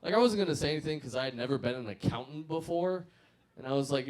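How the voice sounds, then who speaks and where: Young stand-up comic working the crowd. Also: male voice, mid-range voice, lively intonation, quick pace, a little mellow. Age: mid-twenties. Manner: chatty, profane, crowd-working. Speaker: stand-up comedian. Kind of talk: live stand-up comedy.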